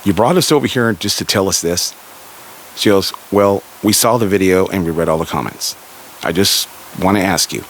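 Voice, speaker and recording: A man's voice: low-pitched, a little hiss or hum, poor audio. A man from Southern California telling a story casually, relaying a conversation with frequent "he goes" and "she goes.".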